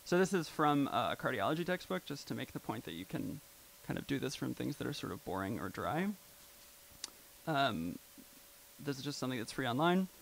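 A man's voice: mid-range voice, very animated, brisk, vocal fry, a little hiss or hum, poor audio. A man presenting at a live event, talking casually and rambling with lots of "like" and "um" fillers. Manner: rambling, filler-heavy, with frequent "like" and "um".

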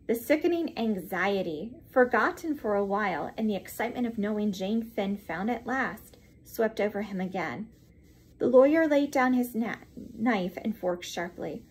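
A woman reading a classic novel aloud in a steady, expressive manner. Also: medium pitch, normal speed, breathy edge. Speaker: reader. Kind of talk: audiobook narration.

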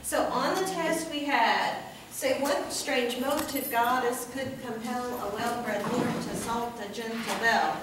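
A woman's voice: on the high side, fairly even intonation, slow pace, few pauses, noisy background. A woman teacher giving a classroom lecture, patient, repeating words and checking in with "okay?". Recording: echoey classroom from far off.

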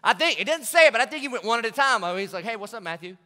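A man preaching a sermon, telling stories in a lively way and acting out the people in them. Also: very high-pitched, racing. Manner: animated storytelling preacher acting out scenes. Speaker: pastor. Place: large church auditorium. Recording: large hall with long reverb.

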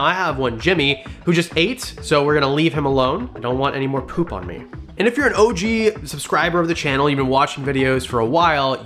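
A man's voice: mid-range voice, fairly bright tone. A man hosting a pet-snake vlog, explaining care tips in a chatty, enthusiastic way with jokey asides. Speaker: reptile channel host. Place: home with pets around.

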